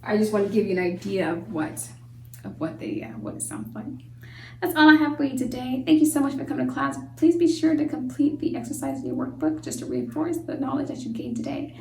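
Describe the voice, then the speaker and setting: High, gravelly woman teacher, patient. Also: lively intonation, poor audio. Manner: slow, patient, sounds words out syllable by syllable. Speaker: homeschool teacher. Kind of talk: phonics lesson for young children.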